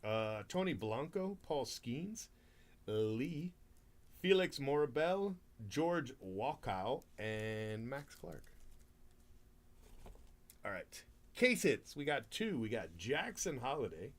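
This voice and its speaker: A man's voice: mid-range voice, big pitch swings, takes it slowly, long pauses. A man hosting a live card break stream, chatting casually, laughing often and rattling off player names.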